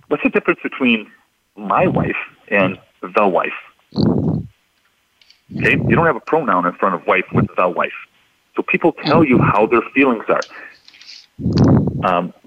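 A man with a low, husky voice talks patiently and methodically, laying out his points step by step and circling back to stress them. He sounds dry and close, squeezed through a thin phone-like line. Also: dry recording. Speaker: interview guest explaining statement analysis. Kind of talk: instructive radio interview.

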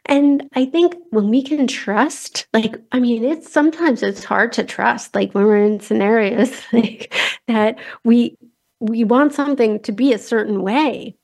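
A woman's voice: a little high, unhurried, a little mellow. A woman hosting a podcast, talking casually and rambling a little, with frequent restarts and fillers. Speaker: podcast host. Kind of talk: casual conversational interview.

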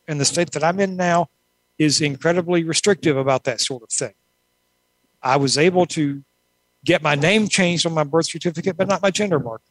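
A woman author answers interview questions in a casual conversation, thoughtful and rambling with many asides. Her voice sits low, and the recording is low-quality but has no echo.

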